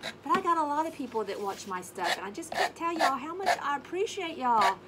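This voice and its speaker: A woman hosting a casual craft tutorial, chatting warmly to viewers and humming little scat tunes as she works. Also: high voice, expressive, a little fast, very noisy. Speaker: craft video host. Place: home craft space on an acreage.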